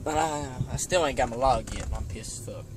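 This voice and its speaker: A man's voice: medium pitch, a little fast, background noise. A young man telling a hunting story in a rambling, profane way, padding every line with "you know". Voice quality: rambling, heavy swearing, constant "you know". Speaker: storyteller vlogger. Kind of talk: casual storytelling.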